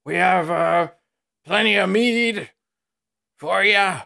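A man's voice: high-pitched, slow pace, vocal fry, pushed and bright, voice pushed up, full character voice. A man putting on a jittery folksy old villager. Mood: nervously cheerful. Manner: stammering, overly cheerful. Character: nervous folksy old male villager hiding a cult.

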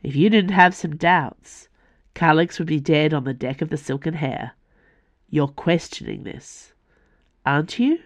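A woman's voice: deep voice, lively intonation, measured pace, no room sound. A woman voicing a weary, controlled veteran male assassin who hisses and grates his words. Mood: tense. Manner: hissing, grating, clipped.

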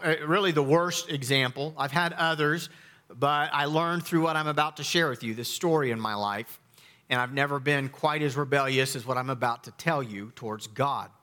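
A middle-aged man preaching a sermon as a pastor, emphatic, with dramatic pauses and sudden quiet drops. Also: high-pitched.

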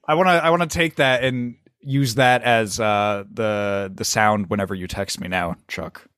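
A man's voice: lowish voice, steady tone, normal speed, a bit bright, no room sound, studio quality. A man hosting a podcast, chatting casually in a rambling, crude way and laughing often. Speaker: podcast host.

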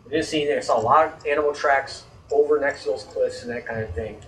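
A man's voice: medium pitch, fast talker, roomy sound, distant mic, slight background noise, poor audio. A man telling a story in casual chat, rambling and swearing, getting worked up when annoyed.

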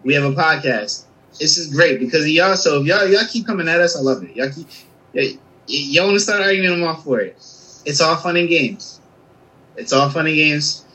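A man's voice: a little high, normal speed, sharp tone, poor audio. A man co-hosting a sports podcast, talking emphatically and calling people bro. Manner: emphatic, repeats "listen" and "bro". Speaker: podcast co-host. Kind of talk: casual sports podcast chat.

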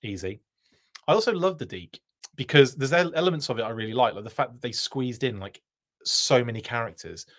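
A man's voice: medium pitch, lively intonation, brisk. A man hosting a casual livestream reaction, chatting, answering viewer comments, and often breaking off mid-sentence. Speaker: host.

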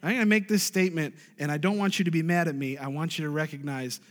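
A man's voice: a little high, steady tone, quick pace, in a large hall. A man preaching a sermon as pastor, emphatic, often asking the congregation "right?" and drawing an "amen".

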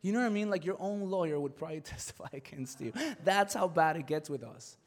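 Excitable high-voiced male pastor. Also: fast, long reverb tail. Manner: animated, excitable storytelling with many "like" fillers; drops to a hushed, earnest tone for serious points. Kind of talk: storytelling sermon.

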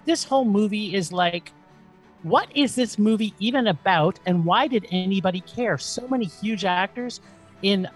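A woman's voice: medium pitch, normal speed, slightly rough, faint music behind. A woman co-hosting a podcast, giving a profane and dramatic film review rant. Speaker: podcast co-host.

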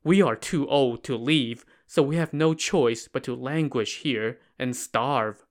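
A man voicing starving, frightened old monks who plead in a soft, tired way. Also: mid-range voice, takes it slowly, natural voice. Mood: weary. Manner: pleading, weary.

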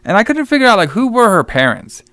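Loose, profane man, smooth dry voice. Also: high-pitched, sing-song, quick pace, sharp tone, no room sound. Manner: loose, profane, acts out scenes with quoted voices. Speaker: podcast co-host reviewing horror films. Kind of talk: casual chat.

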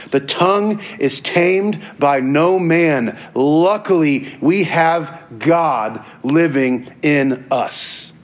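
A man delivering a sermon with a voice that sits a little high for a man. He preaches earnestly and conversationally, often doubling back on his words before pressing on.

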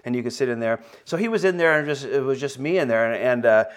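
A male pastor with a medium-pitched voice recounts something personal from the pulpit. His delivery is full of halts and repeated words, lifting whenever the story turns emotional.

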